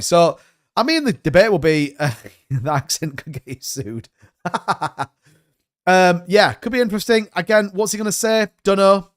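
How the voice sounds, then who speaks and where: A man hosts a live stream, giving loose, rambling market commentary. His voice sits a little high, and he hedges and wanders as he chats. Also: expressive, normal speed. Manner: rambling, hedging, chatty. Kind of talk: casual crypto market commentary.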